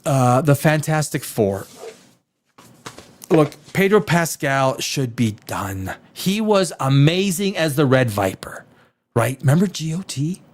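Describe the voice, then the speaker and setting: A man hosting a live stream, ranting casually with profanity, jumping between loud outbursts and low mutters. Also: a little hiss or hum. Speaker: live show host.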